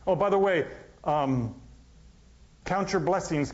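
Preaching man, loud to whispered. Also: mid-range voice, unhurried. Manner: dramatic swings from loud emphasis to near-whisper. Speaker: pastor. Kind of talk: sermon. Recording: dull, lo-fi sound.

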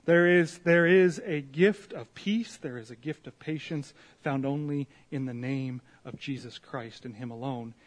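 A man's voice: mid-range voice, unhurried, hardly any pauses. A man preaching an earnest devotional sermon and prayer, full of rhetorical questions, his voice swelling and dropping. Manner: earnest, rising and falling in loudness, rhetorical questions.

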